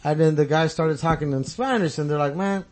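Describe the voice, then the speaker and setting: A man's voice: a little high, fairly quick, a little mellow. A man on a podcast telling a long story in casual chat, profane, acting out other people's lines. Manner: profane, tells stories with acted-out quotes. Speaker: podcast co-host. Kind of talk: casual storytelling among friends.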